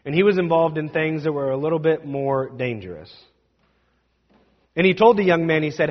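Preacher telling a story in a reverberant hall. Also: male voice, a little high, expressive, moderate pace. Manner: dramatic, shifts between loud and hushed. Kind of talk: sermon storytelling. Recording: dull sound with long hall reverb.

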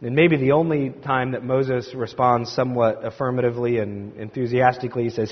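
A man's voice: mid-range voice, moderate pace, husky. A man preaching a sermon, retelling a scripture story and quoting the figures with rising energy. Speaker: pastor. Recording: echoey hall, dull lo-fi sound.

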